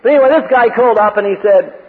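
A man's voice: high voice, very fast, husky. A man preaching a sermon, reading scripture and telling joking anecdotes. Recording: phone-like radio broadcast with long reverb.

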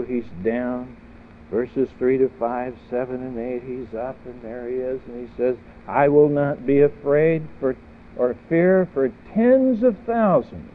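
A man preaching an earnest sermon at a slow, deliberate pace, now and then climbing to emphatic peaks. The sound is thin and phone-like, with a faint hiss underneath. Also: mid-range voice. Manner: earnest, rising to emphatic peaks with repeated questions. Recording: tinny phone-like audio with faint noise.

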